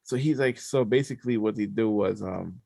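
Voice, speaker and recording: Low gravelly man telling a story. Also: brisk, no room sound, clean studio sound. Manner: animated storyteller, acts out voices. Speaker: podcast co-host. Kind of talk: casual storytelling chat.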